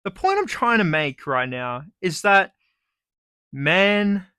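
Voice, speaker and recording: A man's voice: high voice, very animated, slow pace, pushed and bright, clear, resonant tone, dry recording, clean studio sound. A young man with an Australian accent delivering a sarcastic, sweary comedic rant. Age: young adult. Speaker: vlogger.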